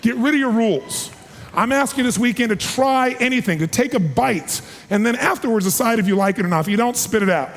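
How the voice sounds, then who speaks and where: A man in his forties giving an energetic, emphatic seminar talk to a live audience, calling for responses. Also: very high-pitched, fairly quick. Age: 40s. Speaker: motivational speaker. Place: large hall with a live audience. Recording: long hall reverb.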